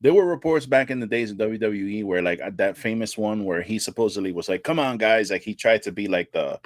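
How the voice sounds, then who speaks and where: A man co-hosting a wrestling podcast in casual chat, animated and profane, acting out quotes with his voice jumping up. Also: fairly quick, no room sound, clean studio sound. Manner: animated, profane, acts out quotes with rising pitch. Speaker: podcast co-host.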